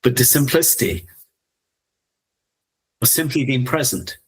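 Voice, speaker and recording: Husky man in his fifties. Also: mid-range voice, expressive, measured pace. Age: 50s. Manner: soft-spoken, musing, laughs often. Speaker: podcast co-host. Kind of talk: reflective casual conversation.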